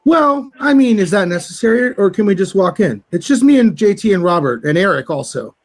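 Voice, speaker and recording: A man guesting on a podcast, chatting casually and prank-calling a restaurant in a deadpan, playfully demanding way. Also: high-pitched, a little fast. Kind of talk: casual chat and prank call.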